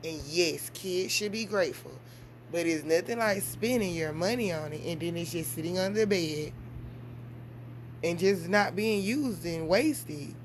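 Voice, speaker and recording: Woman, mother vlogger, casual chat, animated, swings high and loud. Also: measured pace, slight background noise. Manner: animated storytelling with big swings in pitch and volume.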